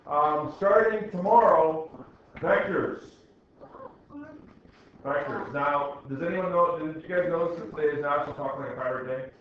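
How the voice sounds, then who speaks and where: A man's voice: on the high side, brisk, few pauses. A middle-aged man teaching a science class, reading a text aloud and stopping to explain it, with dry jokes for the students. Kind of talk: classroom lecture. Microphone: recorder in the room. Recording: very echoey, dull classroom recording with faint noise.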